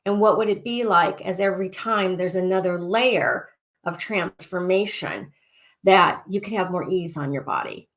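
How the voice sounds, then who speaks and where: A woman life coach leading a casual group session, excitable and talking in loops, often repeating phrases and clearing statements. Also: on the low side, moderate pace.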